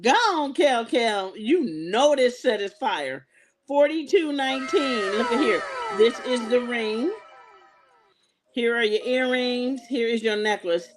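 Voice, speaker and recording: A woman's voice: fairly high pitch, slow pace, a little hiss or hum. A woman hosting a live jewelry sales show, chatting and laughing as she tells stories between items. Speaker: live shopping show host.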